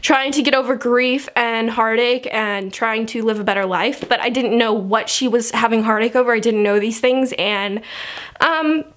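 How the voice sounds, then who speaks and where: A woman's voice: a little high, normal speed, fairly bright tone. Emotional young woman reviewing a film. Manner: emotional, fighting back tears, laughing between words. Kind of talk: casual vlog review.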